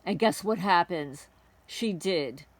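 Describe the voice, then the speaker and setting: Indignant woman ranting with a lively pitch. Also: slow, dry recording. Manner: indignant, heated, swears. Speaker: homesteading channel host. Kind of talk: rambling angry monologue to camera.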